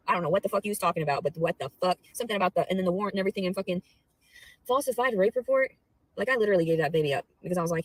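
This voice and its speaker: Fast, foul-mouthed young woman ranting. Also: on the low side, husky, poor audio. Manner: rambling, swears constantly, swings between murmurs and outbursts. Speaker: vlogger. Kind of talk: profane personal rant.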